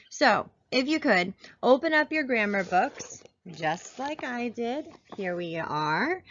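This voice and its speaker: A woman's voice: medium pitch, no room sound. A woman teacher giving a remote grammar lesson to children from outdoors, patient and encouraging. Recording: dull lo-fi sound.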